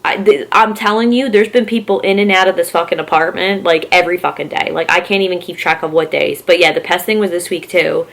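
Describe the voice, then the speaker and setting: A woman's voice: lowish voice, fairly even intonation, a little fast, creaky, hardly any pauses, fairly bright tone. A young woman from Philadelphia telling a rambling story on her vlog, with lots of "like" and swearing. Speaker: horror vlogger.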